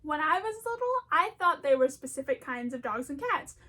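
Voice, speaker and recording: A woman's voice: high voice, sing-song, normal speed, bright, forceful tone. A woman talking in a casual, rambling commentary, chatty and self-deprecating, often breaking into laughter. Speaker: video essayist.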